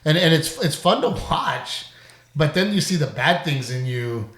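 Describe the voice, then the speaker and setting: A middle-aged man hosting a podcast in casual chat, animated and quick to laugh, with the odd curse. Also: a little high, slight background noise. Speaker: podcast host. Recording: roomy echo.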